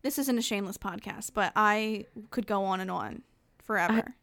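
A young woman co-hosting a podcast, speaking bluntly in casual chat, swearing and restarting in quick bursts. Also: medium pitch, vocal fry, a bit bright, no echo, clean studio sound. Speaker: podcast co-host.

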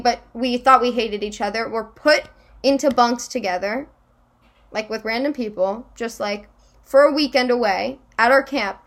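A young woman chatting casually, telling stories with lots of fillers and laughter. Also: fairly high pitch. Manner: giggly, animated storytelling with many fillers. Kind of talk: casual chat.

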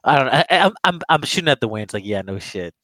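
A man's voice: mid-range voice, big pitch swings, rapid-fire, sharp tone, no echo, poor audio. A man reviewing an old monster movie in casual chat, rambling, swearing often and laughing at the story as he retells it. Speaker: podcast co-host.

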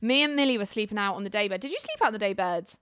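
A woman's voice: medium pitch, animated, rapid-fire, fairly bright tone, smooth, no room sound, studio quality. A young woman from Devon, a podcast guest, telling candid, sweary stories in casual chat. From Devon, England.

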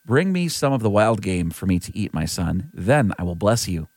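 An aging father speaks words of blessing over his son, voiced by a man reading scripture aloud. The voice sits low but moves with a lively, sweeping melody. The sound is dry and close, with no room around it. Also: normal speed, dry recording. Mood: earnest. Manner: earnest, lightly voiced reading.

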